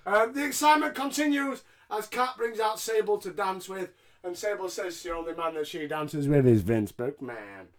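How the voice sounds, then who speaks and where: Man, casual wrestling recap, sarcastic and jokey, high bright voice. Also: expressive, moderate pace. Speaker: podcast co-host.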